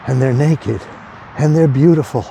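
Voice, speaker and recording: A man voicing an excitable male patient in a spoken joke, gushing and breathless in a raised voice. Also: mid-range voice, normal speed, gravelly, a little hiss or hum, lightly acted.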